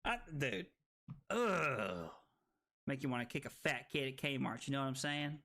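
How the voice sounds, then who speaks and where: A tipsy man in casual stream commentary, erupting into loud, cursing, laugh-filled outbursts. His voice leaps wildly in pitch and stays bright and forceful, while his delivery is unhurried between the bursts. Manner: excitable, loud outbursts, swearing, frequent laughter. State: tipsy from drinking. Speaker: card game streamer.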